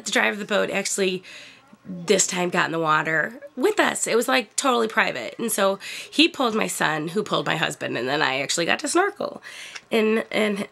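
A middle-aged woman chatting casually about a trip, using lots of fillers and laughing often, with a gravelly, husky voice. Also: on the high side, fairly bright tone. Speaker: vlogger. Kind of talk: casual storytelling.

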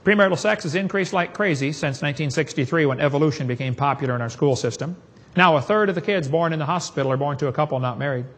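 A man's voice: on the high side, slightly rough. A man giving a preaching seminar talk in a folksy, emphatic way, chuckling at his own jokes. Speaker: creationist speaker.

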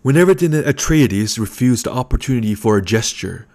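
A man reading an audiobook, voicing a fat, scheming older baron with a rumbling bass voice and a gloating, impatient manner. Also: expressive, brisk, a little mellow, close to an everyday voice.

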